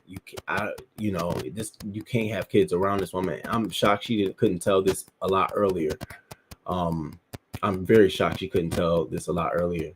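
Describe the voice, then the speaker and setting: A man's voice: low voice, darkish tone, slight background noise. A man hosting a commentary show, reacting to news stories with emphatic, profane outrage.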